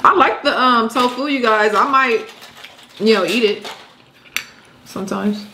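A woman co-hosting a mukbang, talking in an animated, playful way and laughing often. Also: fairly high pitch, unhurried, reverberant, slight background noise. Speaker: co-host of a mukbang channel. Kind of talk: casual chat while eating.

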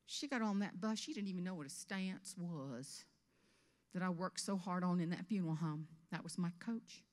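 A woman in her fifties from South Carolina with a Southern US accent, giving a humorous keynote speech on stage with animated storytelling. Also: on the low side, normal speed, in a large hall. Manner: animated storytelling with character voices. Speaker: motivational speaker. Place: event stage before an audience.

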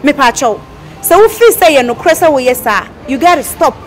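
A woman's voice: sits high, big pitch swings, normal speed, slight background noise. An actress playing a reproachful woman who speaks in Ghanaian pidgin English and Twi. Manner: scolding, reproachful. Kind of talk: Ghanaian film acting.

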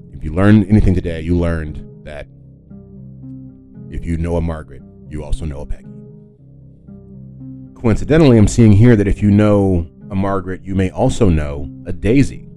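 A man with a low, dark voice hosts a solo podcast, chatting loosely and circling back on himself as he talks. His delivery is unscripted, full of fillers and restarts. Faint music sits underneath. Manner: rambling, with many fillers and self-corrections. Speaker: podcast host. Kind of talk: casual solo podcast talk.

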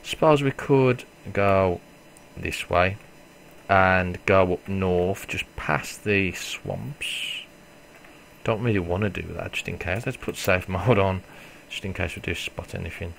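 Low gravelly gamer muttering. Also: male voice, slow pace, a little hiss or hum. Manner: swearing, self-mocking, reacts loudly then mutters. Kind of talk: casual let's play commentary.

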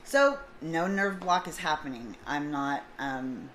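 Animated woman retelling a story. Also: deep voice, slow pace, rough recording. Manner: animated, acts out both sides of a dialogue. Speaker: vlogger. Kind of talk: casual storytelling. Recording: faint background noise.

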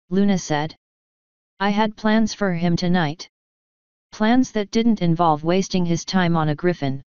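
A woman reading a fanfiction story aloud in an even, measured way, giving every character the same plain voice. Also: on the low side, smooth, no echo. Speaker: fanfiction reader. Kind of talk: audiobook-style story narration. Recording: dull, slightly lo-fi sound, dry close mic.

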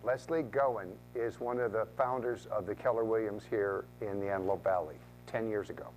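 A man teaching a room of real estate agents in a training talk, lively and acting out quoted voices, often repeating words as he goes. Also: on the low side, moderate pace, slight background noise, low-quality recording.

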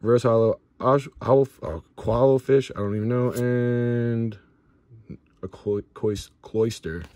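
A man's voice: mid-range voice, unhurried. A young man hosting a card-opening video, casually listing cards as he goes and stumbling over some names. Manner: excitable, shouts and whoops at big pulls. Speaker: pack-opening channel host.

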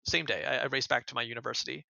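American man, gravelly, bright edge, dry dull lo-fi recording, podcast guest storytelling. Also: medium pitch, fairly even intonation, rapid-fire, no echo. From United States. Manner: earnest, stumbles and repeats words while retelling. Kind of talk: casual storytelling interview.

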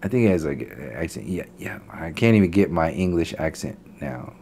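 A man's voice: rumbling low, lively intonation, fairly quick, a little mellow, slight background noise. A man ranting to his channel, blunt and profane, stumbling over fillers and restarts as he talks off the cuff. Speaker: channel host. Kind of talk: unscripted ranting commentary.

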